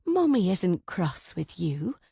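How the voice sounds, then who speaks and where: A woman voicing an older aunt who talks in a soft, cooing, motherly way. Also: fairly low pitch, very animated, takes it slowly, gravelly, slightly rough, dry recording, clean studio sound, full character voice.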